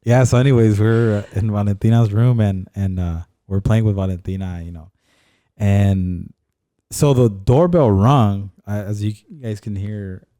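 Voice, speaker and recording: A man's voice: on the low side, a little slow, warm tone, dry recording, clean studio sound. A young man co-hosting a casual podcast, telling stories in a rambling way, swearing and switching between English and Spanish. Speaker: podcast co-host. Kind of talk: casual chat.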